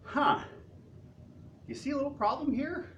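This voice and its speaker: A male pastor preaching a sermon in an animated, conversational way. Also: extremely high pitch, a little slow. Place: church sanctuary. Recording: distant mic with faint room noise.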